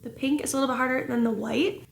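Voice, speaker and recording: An American woman chatting casually in a home vlog, gushing and excitable, with lots of "like". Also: high voice, fast, vocal fry. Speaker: vlogger.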